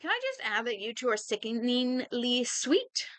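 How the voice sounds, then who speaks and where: A woman's voice: a little high, sing-song, moderate pace, fairly bright tone, no room sound. A woman voicing a chatty young woman, a best friend, who teases and chats. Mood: teasing. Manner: teasing and chatty.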